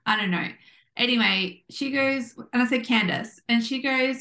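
A woman co-hosting a podcast, telling a story in a bubbly, animated way and acting out what people said. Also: a little high, normal speed. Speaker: podcast co-host. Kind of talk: casual chat. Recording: echoey room.

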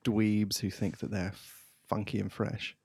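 A man's voice: lowish voice, flat delivery, normal speed, vocal fry, darkish tone, slightly rough, no echo. A young man co-hosting a podcast in casual chat, joking and laughing often. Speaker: podcast co-host.

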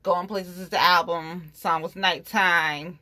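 Blunt, profane woman with a low voice. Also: slow, dry recording, studio quality. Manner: blunt, profane, animated venting with slang. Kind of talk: casual rant to listeners.

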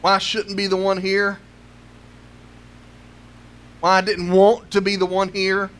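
High-voiced male preacher pressing rhetorical questions. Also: completely flat delivery, unhurried, fairly bright tone. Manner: pleading rhetorical questions, repeats words as he builds. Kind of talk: sermon.

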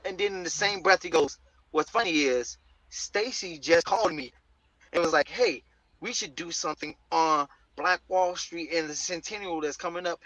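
A man guest on a comics interview show, telling an excitable, animated story and acting out the voices in it. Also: a little high, moderate pace, no room sound, low-quality recording. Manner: excitable, acts out quoted voices.

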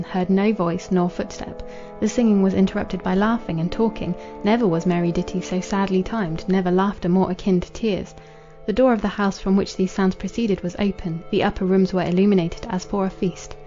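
A woman reading a classic novel aloud in a measured, solemn narration. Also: medium pitch, warm tone, muffled recording. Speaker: audiobook narrator.

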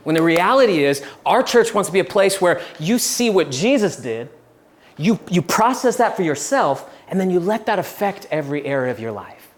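A young man giving a relaxed, chatty sermon, telling stories with laughs and restarts. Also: high voice, moderate pace. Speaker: pastor. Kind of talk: casual sermon with storytelling.

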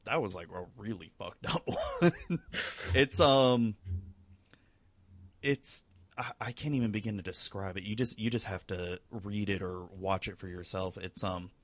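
A man's voice: on the low side, very animated, measured pace, no echo. A young man in casual chat, rambling with lots of fillers and swearing freely. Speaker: conversation partner.

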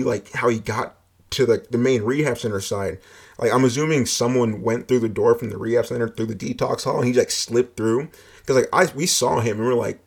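A man's voice: mid-range voice, steady tone, brisk, a little mellow. A man telling a personal story in a casual, rambling way, full of filler words and swearing.

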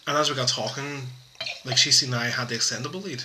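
A man chats casually as a podcast co-host in a mid-range voice. He talks in a relaxed way and often repeats words as he restarts. A steady background noise is clearly audible under him. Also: medium pitch, quick pace. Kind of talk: casual chat. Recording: noisy background hiss.

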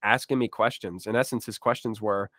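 A man's voice: on the low side, steady tone, brisk, a bit bright, no room sound, clean studio sound. A man co-hosting a podcast, chatting casually with self-deprecating jokes. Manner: joking, self-deprecating asides. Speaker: podcast co-host.

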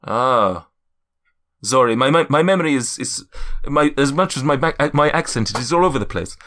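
A man voicing a forgetful, cheerful male cloud giant sorcerer in a put-on, shifting foreign accent, speaking in halting, repetitive bursts. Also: mid-range voice, expressive, fairly bright tone, natural voice. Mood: apologetic. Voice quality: halting, repetitive, stumbling speech.

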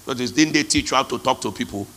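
A man's voice: medium pitch, quick pace, bright, forceful tone. A male pastor preaching a sermon, emphatic, calling out to the congregation for responses. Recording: long hall reverb.

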